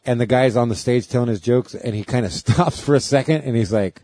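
A man's voice: medium pitch, a little fast, hardly any pauses, warm tone, no room sound. A man who does stand-up comedy, telling a rambling story in casual chat and laughing along.

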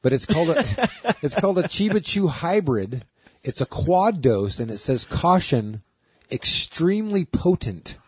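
A man's voice: on the high side, sing-song, unhurried, slightly rough, no echo. A man hosting a podcast in a casual, profane, rambling chat, laughing often. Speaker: podcast host.

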